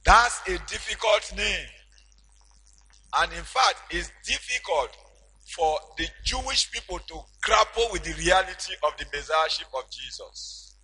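A man preaching a sermon as pastor, slow and emphatic, with sudden shouted peaks. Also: high voice, expressive, husky, low-quality recording.

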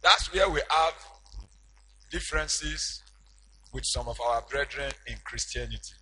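A man preaching a sermon as pastor, slow and emphatic, with sudden shouted peaks. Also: mid-range voice, slight background noise, low-quality recording.

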